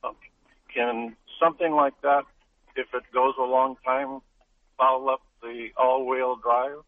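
A man's voice: medium pitch, fairly even intonation, slow, no echo. An older man calling a radio show, describing a car problem in a rambling, homespun way. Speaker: caller. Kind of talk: phone-in question. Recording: tinny phone line.

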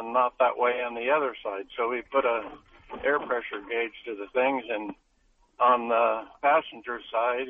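A man's voice: medium pitch, no room sound. An older man calling a radio show, describing a car problem in a rambling, homespun way. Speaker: caller. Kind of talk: phone-in question. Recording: tinny phone line.

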